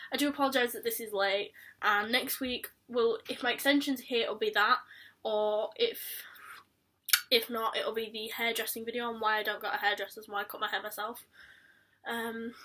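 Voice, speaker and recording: Young Yorkshire woman vlogger, candid and rambling, fairly high voice, a bit off-mic. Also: flat delivery, normal speed, bright, forceful tone, recorded from a distance. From Yorkshire, England. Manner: candid, rambling, with frequent ums. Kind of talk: casual talk to camera.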